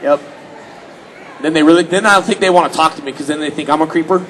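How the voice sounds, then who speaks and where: Some background chatter and slight noise mar this rough recording of a man with a slightly high voice speaking at a quick pace. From Houston, Texas, and roughly in his late thirties, he's a joking, lively convention guest telling fans casual stories and often mimicking voices for quotes.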